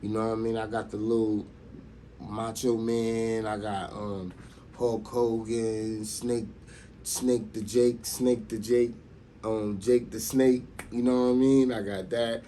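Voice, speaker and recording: Here is a man around forty with a low, warm, relaxed voice, hosting his own channel. He tells a personal story in a loose, rambling, conversational way and keeps checking in with the listener. A faint hum of background noise sits behind him. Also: takes it slowly. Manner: rambling, loose, constantly says "you know what I mean". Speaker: host. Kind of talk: casual storytelling monologue.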